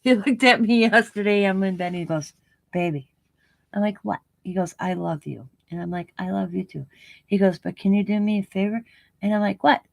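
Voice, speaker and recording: A woman chats casually from her home craft room as she works on a project. Her voice sits at an ordinary middle pitch, and she rambles, giggles often and stumbles now and then over a light stutter. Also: a little fast, vocal fry. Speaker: craft channel host. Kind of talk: casual chat while crafting.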